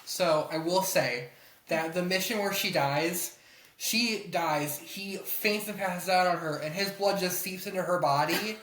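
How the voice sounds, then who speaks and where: A woman's voice: fairly low pitch, measured pace, fairly bright tone, reverberant, low-quality recording. A woman co-hosting a podcast in casual chat, with wry, amused reactions. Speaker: podcast co-host.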